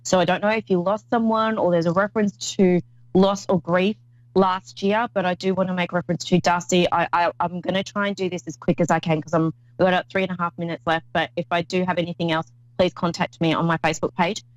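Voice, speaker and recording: A woman's voice: on the low side, level tone, quick pace, no echo, lo-fi sound. A woman hosting a call-in psychic reading show, talking in an effusive, rambling way with many restarts. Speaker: psychic medium host.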